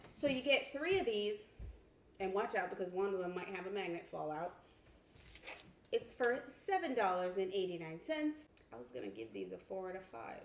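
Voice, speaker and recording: A woman giving a casual sewing product review, chatty and expressive, with laughs and exclamations, from a home sewing room. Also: mid-range voice, moderate pace, a little hiss or hum. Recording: echoey room.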